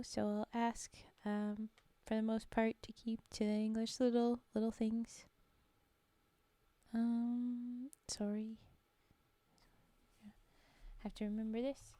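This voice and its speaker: Woman streamer, halting casual chat, slow and dry-close. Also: a little high, no room sound. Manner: halting, full of soft fillers. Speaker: streamer reading poetry.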